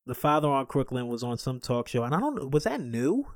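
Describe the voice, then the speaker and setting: A man's voice: mid-range voice, very animated, brisk, no echo, studio quality. A man co-hosting a podcast, talking in an easygoing, wry, reflective way. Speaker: podcast co-host. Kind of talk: casual chat.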